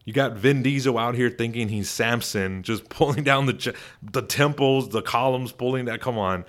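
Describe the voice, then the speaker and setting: A man's voice: medium pitch, moderate pace. A man, a father, giving casual, chatty and emphatic commentary as the host of his own show. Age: adult father.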